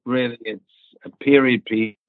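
A man's voice: mid-range voice, steady tone, normal speed, dry recording. A man from England, an actor, telling anecdotes in an interview and imitating the people in his stories. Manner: storytelling, mimics voices in quotes. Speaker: actor guest. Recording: tinny phone-like line.

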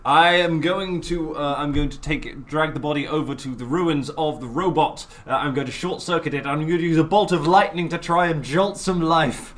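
A man's voice: fairly high pitch, normal speed, few pauses. A man playing a tabletop role-playing game, theatrical and hammy. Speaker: player. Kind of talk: tabletop role-play banter.

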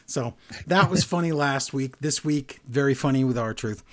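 In a laid-back conversation, this man co-hosts a podcast about wrestling, recapping events and lively acting out quotes with funny voices. He has a medium pitch and speaks at normal speed.

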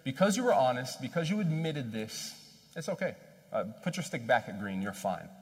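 A man voicing a kind female schoolteacher who gently reassures a pupil, with a long hall reverb. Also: medium pitch, lively intonation, moderate pace, natural voice. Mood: reassuring.

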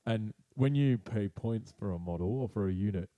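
Low-voiced man explaining a hobby. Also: normal speed, mellow, no echo. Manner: explanatory, enthusiastic about the hobby. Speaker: podcast co-host. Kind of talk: casual hobby chat.

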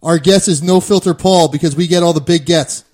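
A man's voice: on the high side, fairly quick, a little mellow. A man hosting a podcast, teasing a caller with crude swearing jokes. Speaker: podcast host. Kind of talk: crude comedic banter.

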